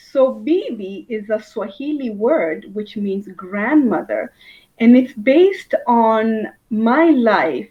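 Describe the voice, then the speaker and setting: A woman's voice: fairly high pitch, lo-fi sound. A woman from the United States, a children's book author, chatting in an easy, friendly way over a video call. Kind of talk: casual video call chat.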